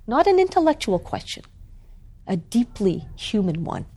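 A woman, an author and guest, telling a story in a conversation with an animated, expressive delivery. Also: mid-range voice, normal speed.

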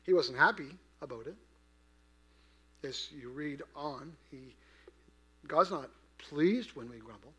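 A man preaching a sermon in a conversational way, asking his listeners questions and swinging from quiet to loud. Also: on the high side, animated, takes it slowly, long pauses, slightly rough. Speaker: pastor.

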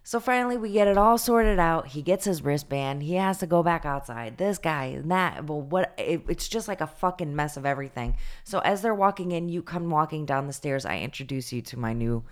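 A woman with a low-pitched voice, chatting on a podcast. She tells a story in a loose, animated way, full of "like" and quoted asides. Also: a little fast, hardly any pauses. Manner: chatty, animated retelling with lots of fillers. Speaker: podcast co-host. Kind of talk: casual storytelling chat.

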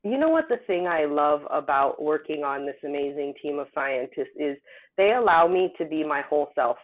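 A woman scientist from the United States talking casually in an interview, telling stories with animated emphasis. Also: low voice, moderate pace. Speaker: guest scientist. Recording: tinny phone-like line.

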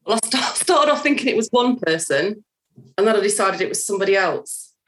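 A woman's voice: medium pitch, lively intonation, brisk. A woman playing along as a quiz contestant on a video call, unsure of her answers and laughing along. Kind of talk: casual chat.

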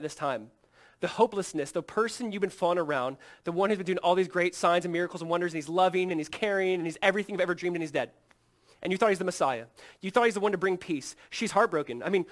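A pastor with a high, bright voice preaching an Easter sermon. He rises to loud, emphatic peaks, then drops to a hushed near-whisper, and acts out the quoted voices as he retells the story. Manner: preaching with big swings between loud emphatic peaks and hushed low passages.

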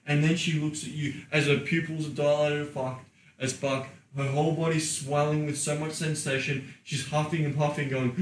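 A man's voice: on the high side, a bit bright, distant mic. A man co-hosting a podcast, talking crudely and animatedly as a sex coach, laughing and cursing freely. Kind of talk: casual podcast chat. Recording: echoey room, off-mic, faint noise.

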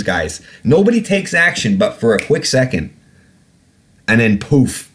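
A male podcast host speaks at a measured pace in a medium-pitched voice with big pitch swings. His casual rant is sarcastic and loaded with profanity, and he repeatedly loses his temper, then apologizes.

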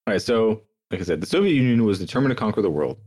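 Ein junger Mann liest als Podcast-Host Geschichtsnotizen vor, schnell und leicht heiser, mit etwas tiefer Stimme. Immer wieder unterbricht er sich mit sarkastischen, fluchenden Kommentaren. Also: male voice, fairly low pitch, lively intonation, a little mellow, husky. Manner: quick, sardonic, swears in asides. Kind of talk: reading history notes aloud with casual asides.

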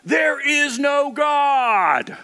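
A man voicing an irritated neighbor who yells his lines in a raised, slow voice. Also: very high-pitched, animated, pitched above the performer's own voice, full character voice. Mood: angry. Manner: yelling, slow and drawn-out. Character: irritated atheist neighbor, grown man, grumpy.

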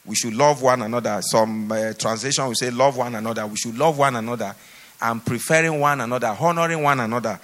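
A man preaching a sermon at a mid pitch, driving home his points with emphatic repetition. His voice carries a long reverb through the church hall. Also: brisk, fairly bright tone.

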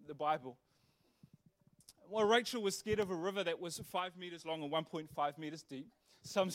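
A young man preaching a sermon, telling a funny story with animated energy before turning earnest. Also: on the high side. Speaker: pastor.

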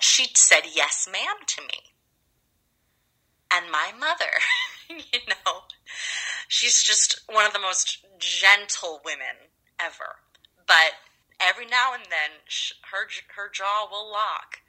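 Woman, young adult, interview guest, very bright tone, lively anecdotes. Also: on the low side, rough recording. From Los Angeles. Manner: animated, drawn-out storytelling. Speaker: guest actress. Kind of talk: casual interview storytelling.

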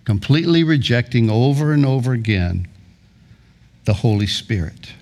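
A man's voice: medium pitch, animated, moderate pace, darkish tone. A man preaching a sermon as a pastor, earnest, building points through repeated phrases and long lists.

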